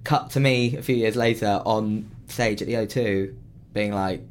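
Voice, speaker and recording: A young man, a musical theatre performer, chatting casually and telling animated stories. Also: moderate pace. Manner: animated storytelling with big pitch leaps. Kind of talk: casual chat.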